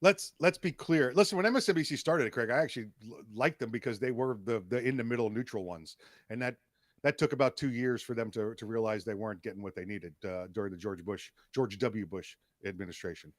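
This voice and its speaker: A man's voice: medium pitch, a little fast, dry recording, clean studio sound. A young man with a New York accent, co-hosting a casual political podcast, often repeating words as he starts. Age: young adult. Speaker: podcast co-host.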